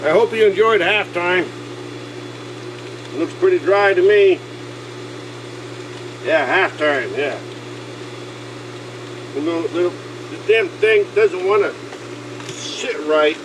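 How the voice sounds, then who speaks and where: An older DIY video host with a high-pitched, animated voice narrates a casual outdoor pool repair slowly, leaving long pauses, with background noise present. Folksy and grumbling, he talks to himself as he works in this how-to vlog and is out of breath at times.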